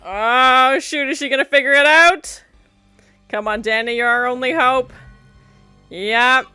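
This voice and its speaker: A woman's voice: high-pitched, unhurried, pushed and bright, clean tone, no room sound. A woman hosting a reaction video, chatting casually and laughing as she comments on an old TV episode. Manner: chatty, laughing, playful asides. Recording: music from the show playing behind.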